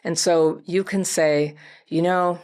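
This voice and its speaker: A woman hosting an advice talk. She answers a viewer's letter in a gentle, reflective way and speaks straight to the listener. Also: lowish voice, fairly even intonation, takes it slowly. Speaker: advice host.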